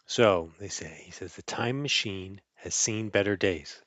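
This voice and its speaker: A man's voice: deep voice, measured pace, no echo. Playful man reading a picture book aloud. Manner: playful, animated, chuckling, with sound effects. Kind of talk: casual storybook read-aloud.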